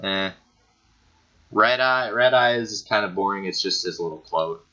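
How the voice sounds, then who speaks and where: A man's voice: lowish voice, unhurried, pushed and bright. A man giving rambling, easily amused gaming commentary as a YouTuber, recorded on a computer microphone. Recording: dull lo-fi screen recording.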